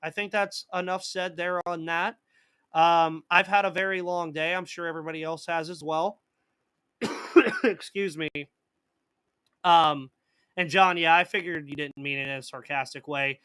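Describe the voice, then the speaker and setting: A man's voice: a little high, steady tone, a little slow, pauses often, sharp tone, clear, resonant tone, dry recording. A man hosting a live sports podcast in casual chat, reading out viewer comments and answering them, with a slight cough. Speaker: podcast host.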